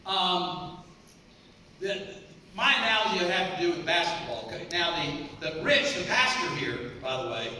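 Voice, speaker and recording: A high-pitched, bright-toned man gives a fired-up motivational speech and hammers his points home by repeating them. His voice carries through a big echoing convention hall with a long reverb tail, picked up from well away from the mic. Faint room hum sits underneath. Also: normal speed. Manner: energetic, emphatic, repeats key points. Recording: echoey hall, voice from far off.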